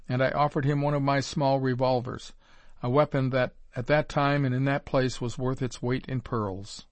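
Brief: male narrator, mid pitch, measured and formal, dry close recording. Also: fairly even intonation, dry recording. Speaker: audiobook narrator. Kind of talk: first-person audiobook narration.

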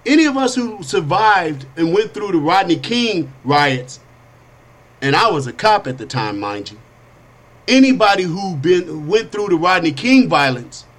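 Animated high-voiced streetwise male host. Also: unhurried. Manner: animated, streetwise slang, acts out gunshots. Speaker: talk show host. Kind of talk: storytelling monologue.

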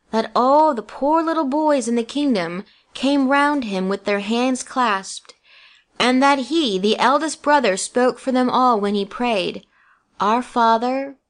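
Gentle woman reading a storybook. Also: on the high side, a little slow. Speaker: narrator. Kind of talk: scripted storybook narration.

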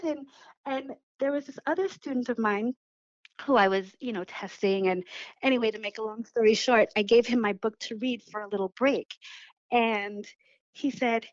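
A woman author telling lively stories about sharing her poems in a radio interview. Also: a little high, normal speed, no echo, lo-fi sound. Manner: animated storytelling, laughs while talking. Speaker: poet and author guest.

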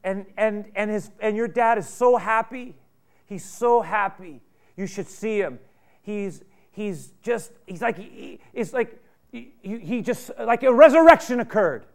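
A man acting out a servant who stammers out good news, high and loud. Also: expressive, a little slow. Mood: excited. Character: excited male servant rushing with news.

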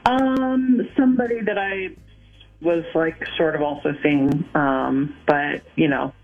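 A woman on a phone call, answering haltingly with many pauses and nervous laughs. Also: low-pitched, faint music behind. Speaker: radio contest call recipient. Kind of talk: phone conversation. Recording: tinny phone line.

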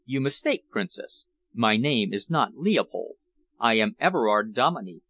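A man reading the part of a guarded aristocratic gentleman in an audiobook, speaking in a restrained, firm way. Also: mid-range voice, lively intonation, a little slow, no room sound, pitched below the performer's own voice, heavily acted.

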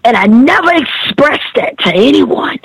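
Woman, high voice, dry close sound, earnest emotional faith testimony, repetitive phrasing. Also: big pitch swings, a little slow, fairly bright tone, husky, dry recording, low-quality recording. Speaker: podcast guest sharing testimony.

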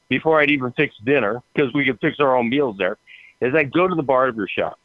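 A man's voice: mid-range voice, no echo. Man telling stories over a tinny phone line. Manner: laughing, acts out the voices. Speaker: guest. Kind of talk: casual storytelling.

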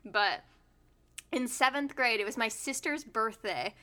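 A woman's voice: on the high side, animated, measured pace, sharp tone. A young woman on a podcast, telling a story in a chatty way, full of "like" and the odd swear word. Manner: chatty, lots of "like" fillers, swearing. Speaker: podcast co-host. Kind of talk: casual chat, storytelling.

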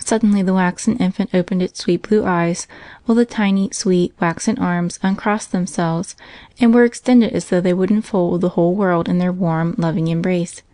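Calm woman narrating a classic story. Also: on the low side, moderate pace, dry recording. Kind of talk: scripted narration.

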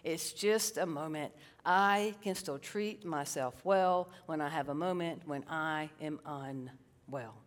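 A woman's voice: sits low, slow pace. Joking middle-aged woman on stage. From South Carolina, US. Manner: lively, joking, self-mocking, addresses the crowd as y'all. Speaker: psychotherapist giving a stage talk. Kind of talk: storytelling stage talk. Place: large hall with a stage. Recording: long reverb of a large hall.

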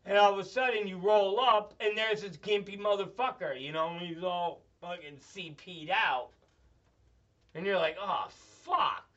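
A man's voice: sits high, steady tone, normal speed, a bit bright. A man hosting a show, telling crude, profane, rambling comedic stories. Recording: dull, slightly distant mic.

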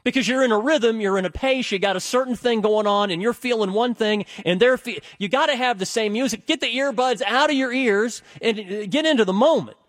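A middle-aged man hosting a radio talk show, rambling and animated with many restarts and fillers. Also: very high-pitched, brisk, hardly any pauses, dry recording. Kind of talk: casual radio talk monologue.

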